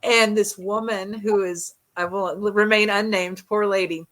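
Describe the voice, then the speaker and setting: A woman guest on a podcast, a paranormal investigator telling stories in candid, animated casual chat. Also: mid-range voice, normal speed.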